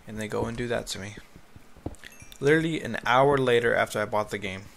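A man's voice: lowish voice, a little fast, creaky, a bit bright. A man casually narrating his Minecraft play on his home computer, rambling and yawning as he mutters to himself through a headset mic. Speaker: gaming YouTuber. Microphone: headphones with a mic. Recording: noisy home recording with keyboard clicks. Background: keyboard typing and clicks.

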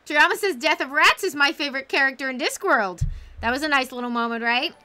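Woman streamer gushing about a book, reads chat out loud, high bright voice. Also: fast. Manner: enthusiastic, reads chat comments aloud. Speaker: streamer hosting a book club. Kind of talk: casual livestream chat.

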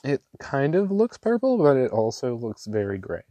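A man gushing over ink swatches in a casual vlog, excitable and quick to laugh. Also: mid-range voice, no echo. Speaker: ink reviewer. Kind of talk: casual show-and-tell vlog. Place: small home room.

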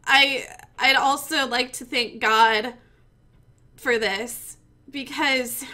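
A woman's voice: on the high side, pushed and bright. A young woman streamer from Missouri giving a gushing, giggly mock acceptance speech, pretending to hold back tears.

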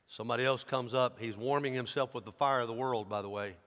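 A man, a pastor preaching a sermon in an animated, dramatic storytelling manner. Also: medium pitch, quick pace, few pauses. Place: large church sanctuary. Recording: long church hall reverb.

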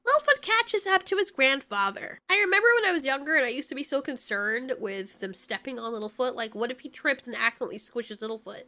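A woman talks through a cartoon film recap in a sarcastic, joking way. Her voice is very high and bright. She keeps it casual, like chatting to viewers. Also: lively intonation, fast talker, few pauses. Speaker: video reviewer.

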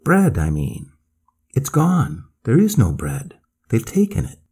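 A man's voice: fairly low pitch, sing-song, normal speed, vocal fry, dark tone, slightly rough, heavily acted. A man voicing an uneasy male Swedish traveling companion who speaks in a brooding, ominous way. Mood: forced laughter.

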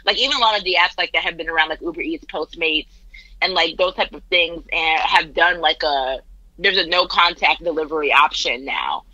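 A chatty woman guest talks casually from her apartment, with lots of fillers and easy laughter. Her voice is very bright and forward. The call audio is dry and a little dull. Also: low-pitched, a little fast, dry recording. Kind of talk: casual chat.

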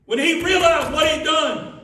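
Man, fervent sermon, bright tense tone, roomy sanctuary, distant mic. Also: very high voice, a little slow. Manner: impassioned preaching, rising into half-sung cadences. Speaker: pastor. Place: church sanctuary. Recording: echoey church from a distance.

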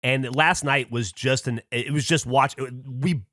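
A man's voice: medium pitch, a little slow, no room sound. A man co-hosting a podcast, telling stories in casual chat and swearing freely. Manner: animated, swearing storyteller. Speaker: podcast co-host.

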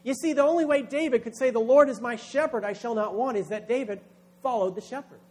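A man's voice: extremely high pitch, quick pace. A man, a pastor, preaching a sermon with emphatic delivery, acting out quoted voices.

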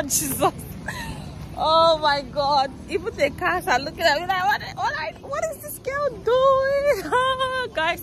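A young woman with a fairly high voice vlogs on her phone as she walks through a city. She is chatty and self-conscious and laughs easily. Traffic, cars and motorbikes are clearly audible behind her. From Cameroon. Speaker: vlogger. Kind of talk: casual walking vlog. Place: busy city street outdoors. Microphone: phone held while walking. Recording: phone recording with loud street traffic. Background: cars and motorbikes passing.

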